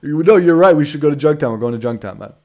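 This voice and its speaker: A man streams a video game, joking and rambling through casual let's-play commentary while swearing freely and calling people "man." His fairly high voice is expressive and mellow, and he talks at a racing pace.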